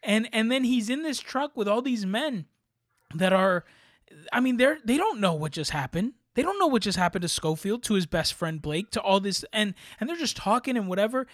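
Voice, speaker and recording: In a relaxed film-review conversation, this podcast co-host gushes with sincere enthusiasm about a movie's performances. His voice sits high, and the recording is dry and studio-clean.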